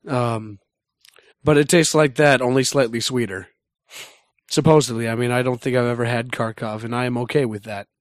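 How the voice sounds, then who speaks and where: A man co-hosting a gaming podcast, hoarse and a little wispy from being sick, playful and joking. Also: mid-range voice, steady tone, moderate pace, no echo, clean studio sound. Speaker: podcast co-host. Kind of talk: casual gaming podcast chat.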